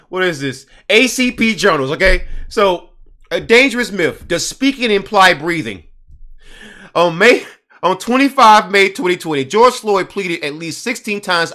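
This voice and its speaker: A man with a high, bright voice talks in an indignant, emphatic way, repeating his points for force. Between his arguments he reads passages from an article aloud. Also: big pitch swings, normal speed. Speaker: commentator. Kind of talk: casual commentary.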